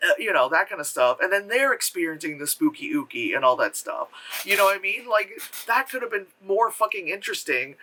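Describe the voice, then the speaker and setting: A man with a high, sharply bright voice gives a casual movie review rant. He talks in an animated, profane way and keeps breaking into mocking impressions. His pitch swings all over the place. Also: fairly quick.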